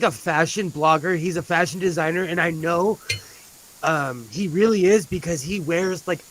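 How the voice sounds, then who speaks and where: Rambly guy from california, kinda high voice, laughs a lot while he talks. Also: a bit bright, a little hiss or hum, rough recording. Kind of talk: casual chat.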